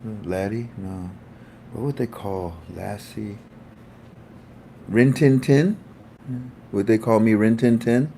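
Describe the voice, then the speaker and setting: A man's voice: on the low side, slow, pauses often, dark tone, slight background noise. A man hosting a casual livestream, chatting with viewers in a playful, joking, rambling way. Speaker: livestream host.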